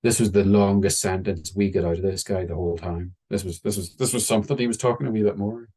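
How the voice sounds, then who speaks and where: A man telling a story in a wry, conversational way, slowing down for dramatic moments. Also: sits low, steady tone, dark tone, husky. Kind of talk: oral storytelling.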